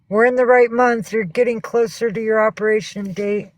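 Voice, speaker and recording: A woman's voice: fairly high pitch, fairly even intonation, moderate pace, dry recording, rough recording. A woman hosting a casual livestream from home, rambling and swearing as she greets viewers and coaxes her cats. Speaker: livestream host.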